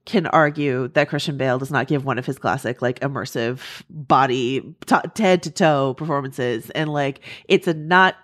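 A woman hosting a podcast, talking quickly and casually with lots of fillers. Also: extremely low pitch. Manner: quick, chatty, many fillers. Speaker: podcast host. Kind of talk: casual panel chat.

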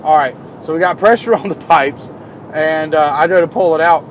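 Male storyteller, high-pitched and lively, faint traffic noise outdoors. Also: normal speed. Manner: animated, climbs higher and louder when worked up. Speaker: tradesman telling work stories. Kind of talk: casual storytelling.

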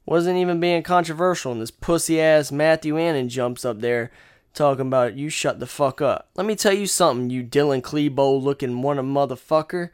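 A man's voice: on the high side, fairly quick, clean tone, no room sound, studio quality. A man ranting angrily about his critics, combative and swearing constantly in a casual monologue. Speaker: podcast host.

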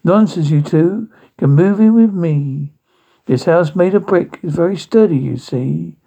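A man's voice: on the high side, measured pace, vocal fry, mellow, husky, lo-fi sound, heavily acted. A man voicing a prim, put-upon smart male pig who speaks in fussy rhymes.

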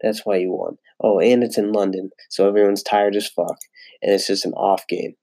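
Gravelly-voiced man rambling on a podcast. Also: lowish voice, steady tone, normal speed, warm tone, dry recording, studio quality. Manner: rambling and profane, with frequent fillers. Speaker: podcast host. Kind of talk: casual solo sports podcast.

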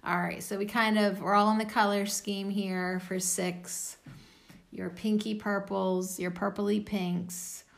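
A woman's voice: medium pitch, level tone, takes it slowly, vocal fry. Tired, blunt woman reading oracle cards. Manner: blunt, swearing, self-mocking. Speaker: oracle card reader. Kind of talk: casual tarot-style card reading.

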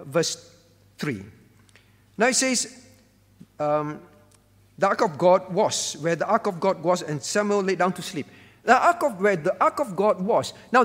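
Emphatic pastor preaching in a reverberant hall. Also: male voice, high-pitched, fairly bright tone. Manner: emphatic, repeats key phrases, asks the congregation questions. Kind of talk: sermon.

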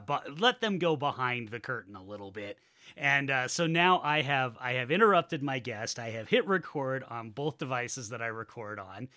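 A man's voice: mid-range voice, pushed and bright. A man hosting a podcast, chatting casually with his guest, swearing freely and talking with enthusiasm. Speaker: podcast host.

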